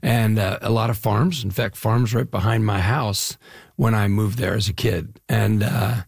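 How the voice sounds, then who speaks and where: A man's voice: fairly low pitch, steady tone, unhurried, no room sound, clean studio sound. An older man from the Chicago area, an actor guest, telling stories in a casual interview with fillers and repeats. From Chicago area, US Midwest. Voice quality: gravelly, husky. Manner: enthusiastic storytelling with fillers and repeats.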